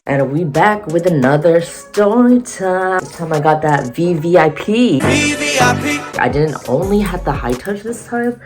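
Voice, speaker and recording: A young woman vlogger telling an excited storytime, slangy and laughing, acting out what people said. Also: lowish voice, a little slow, few pauses, music in the background. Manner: animated, slangy, laughing a lot, acts out quotes.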